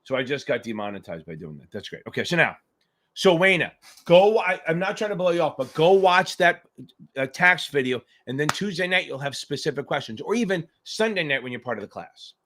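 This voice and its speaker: A man's voice: fairly high pitch, big pitch swings, fairly quick, a bit bright, slight background noise. A man hosting a live exam-prep Q&A stream, chatting casually with jokes and profanity. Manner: joking, profane, rambling.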